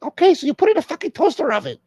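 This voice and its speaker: Brief: high, shrill, whiny nagging wife, comic impression, dry sound. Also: male voice, big pitch swings, rapid-fire, a little mellow, no echo, dull audio. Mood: nagging, scolding. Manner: whiny, scolding. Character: nagging, exasperated wife of a grumpy movie star. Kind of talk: comedic impression in a rant.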